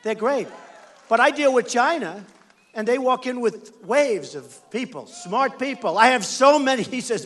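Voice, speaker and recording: A man's voice: very high voice, lively intonation, unhurried, a bit bright. An American man giving an emphatic, repetitive campaign rally speech as a political candidate on a stage microphone in a large indoor venue.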